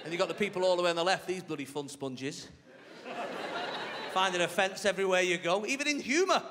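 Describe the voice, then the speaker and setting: A man doing a live stand-up routine on a theatre stage, chatty and animated, with mock-outraged asides. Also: sits high, brisk, noisy background. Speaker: stand-up comedian. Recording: reverberant theatre with crowd laughter. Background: audience laughter.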